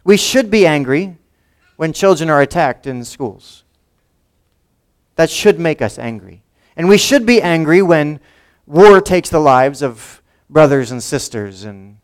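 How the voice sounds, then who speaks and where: A man's voice: on the high side, smooth. A male pastor preaching a conversational sermon in a church, often asking his congregation questions.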